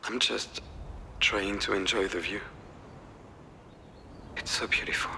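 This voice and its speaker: A man's voice: lowish voice, steady tone, slow, vocal fry, pushed and bright, slight background noise, full character voice. An actor playing a troubled man who talks earnestly and shakily, at times in a whisper. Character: troubled adult man confiding in his ex.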